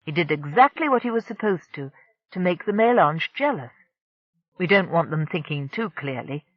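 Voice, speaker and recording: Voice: medium pitch, lively intonation, moderate pace, no room sound, highs cut off, close to an everyday voice. The narrator voicing a reassuring, patient female starship mind in an audiobook. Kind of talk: audiobook character voice.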